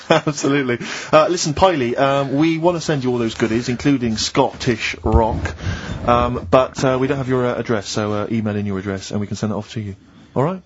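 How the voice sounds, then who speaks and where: A man's voice: mid-range voice, steady tone, a little fast, hardly any pauses, lo-fi sound, slight background noise. A man co-hosting a radio show, chatting casually, prompting the others and laughing along. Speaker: radio co-host. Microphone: studio microphone.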